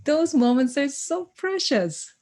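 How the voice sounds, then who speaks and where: A woman guest on a podcast, an educator, telling stories in conversation in an animated way, acting out dialogue and laughing often. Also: high voice, slow. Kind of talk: conversational storytelling.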